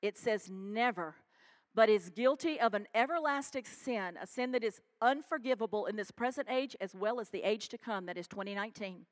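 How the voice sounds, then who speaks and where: A woman pastor preaching a sermon in church, animated and calling out to the congregation. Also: mid-range voice, moderate pace. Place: church sanctuary.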